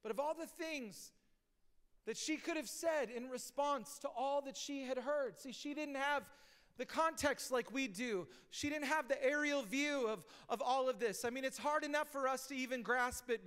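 A man preaching a sermon as pastor, talking casually and rising to shouted emphasis, recorded live in a church. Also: very high-pitched. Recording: live church hall reverb.

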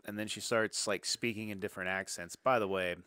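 This is a young man with a low voice, chatting loosely about a movie on a podcast. He rambles, restarts and swears freely. The sound is dry and close, with no room around it. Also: fairly even intonation, fairly quick, sharp tone, clear, resonant tone, no echo. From Southern US. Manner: rambling, lots of filler and restarts, swears casually. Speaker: podcast co-host. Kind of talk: casual movie chat.

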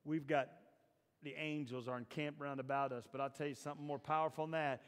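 A man preaching a sermon in a church, shifting from low, confiding talk to loud, shouted exhortation. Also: steady tone, a little fast, clean tone, in a large hall. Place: church sanctuary.

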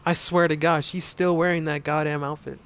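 A man's voice: a little high, flat delivery, fairly quick, fairly bright tone, slight background noise. A man giving casual game commentary, sarcastically ranting at a glitchy game. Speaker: gaming commentator.

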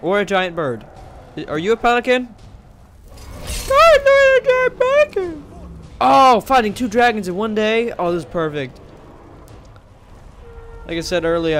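A goofy young man giving excitable, jokey commentary while he plays a video game. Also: fairly high pitch, normal speed, soft background music. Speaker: gamer, video host. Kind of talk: casual let's-play commentary.

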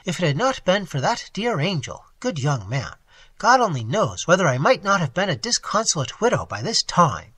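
Gushy fussy vicar's wife, a guy doing her voice, breathy and kinda bright, reading a storybook. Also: high voice, very animated, moderate pace, no echo, heavily acted. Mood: effusive. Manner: breathless, effusive praise. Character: fussy, gushing middle-aged woman, a rector's wife.

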